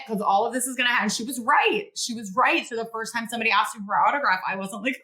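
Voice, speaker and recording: Bright-voiced woman telling animated stories. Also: a little high, fast, rough recording. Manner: animated, laughing storyteller, acts out quotes. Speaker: guest author and publisher. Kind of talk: podcast interview, storytelling.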